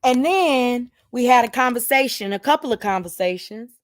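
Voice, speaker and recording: An older woman hosting a livestream, talking in an emphatic casual rant that swings from loud to hushed, with sighs. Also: a little high, expressive, normal speed. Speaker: livestream host.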